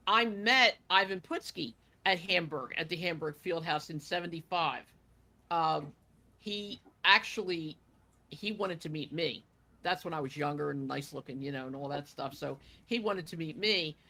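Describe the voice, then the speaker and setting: A woman's voice: on the low side, bright, forceful tone. A woman guest telling casual stories with many fillers in a chatty, rambling way. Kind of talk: casual storytelling interview.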